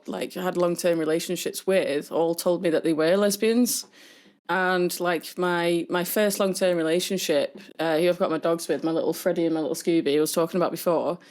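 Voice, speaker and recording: Chatty woman, lowish voice. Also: darkish tone. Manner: chatty storyteller with many fillers, mimics people in a high voice. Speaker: podcast co-host. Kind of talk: casual podcast chat.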